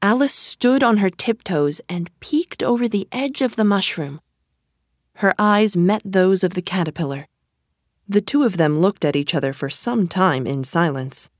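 A woman reading a children's story aloud in a gentle, deliberate storytelling manner. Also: mid-range voice, lively intonation, no room sound, clean studio sound. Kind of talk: slow storybook narration.

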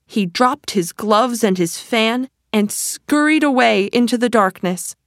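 Slow, lively storybook woman. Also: fairly high pitch, no room sound, studio quality. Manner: gentle, deliberate read-aloud delivery.

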